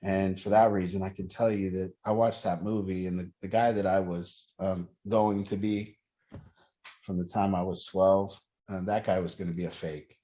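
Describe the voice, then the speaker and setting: A middle-aged man leads a group in reflective talk, speaking earnestly and working through his thoughts with one rhetorical question after another. His voice sits low, with a flat delivery and a dark tone, at normal speed.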